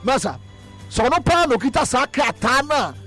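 A man with a strikingly high voice delivers a lively football news roundup. He is excitable and drops into repeated, chant-like phrases, slipping English words into his speech. Soft music plays faintly underneath. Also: fairly quick. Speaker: sports news presenter.

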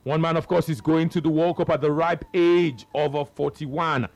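A Nigerian-accented man hosting a sports talk radio show, his pitch a little high. He teases his co-host in an unhurried, drawn-out way, filling pauses with frequent ums and uhs. Faint music runs underneath. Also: steady tone. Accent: Nigerian English.

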